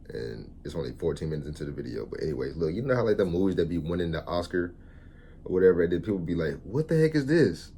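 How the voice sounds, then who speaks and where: A man's voice: low-pitched, slight background noise. A man hosting a reaction video, ranting casually and animatedly in heavy slang. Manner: animated slangy rants, constant "bro". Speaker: YouTube reaction host.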